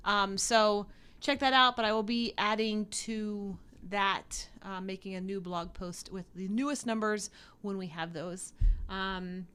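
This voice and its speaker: A woman's voice: mid-range voice, fairly even intonation, measured pace, a bit bright, clear, resonant tone. A woman co-hosting a casual live-stream chat, talking with many fillers and little laughs. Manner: chatty, giggly, many fillers. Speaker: co-host.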